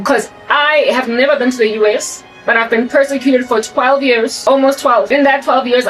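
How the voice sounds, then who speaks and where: A woman's voice: fairly high pitch, distant mic, rough recording. A woman in her forties from South Africa, her accent mixed with American sounds, delivering an emphatic, rambling monologue full of restarts. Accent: South African with American influence. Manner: rambling, emphatic, self-correcting. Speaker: channel host. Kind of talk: ranting monologue.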